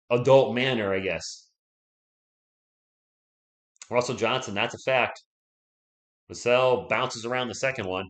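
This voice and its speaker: A man hosting a live stream, giving casual play-by-play commentary, chatty and excitable, and talking straight to his viewers. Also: medium pitch. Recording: echoey room.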